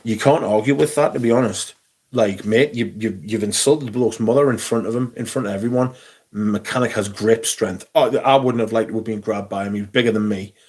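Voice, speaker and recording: A middle-aged man, telling an animated, swear-filled story on a casual livestream. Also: lowish voice, brisk. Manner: swearing, animated anecdote with quoted voices. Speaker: livestream host.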